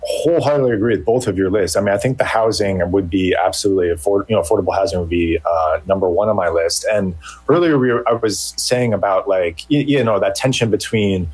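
A man's voice: low voice, fast talker, few pauses, a little mellow, breathy edge, low-quality recording. A man who is a journalist guest on an interview, answering hesitantly with many restarts.

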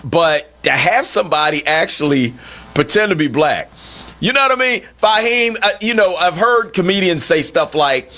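A man hosting a talk radio show, conversational and animated, rising in pitch when indignant. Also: normal speed. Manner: conversational with frequent "you know what I mean". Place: radio studio.

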